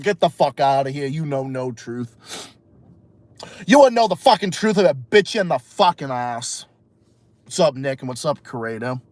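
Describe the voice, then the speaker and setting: A man hosting a podcast, giving a heated, profane, rambling rant from inside his car in the dark. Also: mid-range voice, very animated, normal speed, no echo. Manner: heated, swearing, rambling with restarts. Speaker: podcast host. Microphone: phone livestream.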